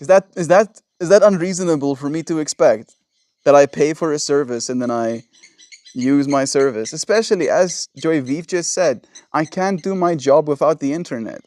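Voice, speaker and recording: A man's voice: on the high side, darkish tone, no room sound, clean studio sound. A man hosting a casual livestream, ranting in an exasperated, rambling way into a phone. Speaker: livestream host. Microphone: phone in vertical livestream.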